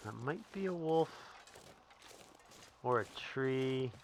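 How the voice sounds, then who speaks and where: A man's voice: mid-range voice, animated, takes it slowly, a little hiss or hum. Chatty man streaming a game. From Northern Canada. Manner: chatty, answering chat while playing. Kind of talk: live gameplay commentary.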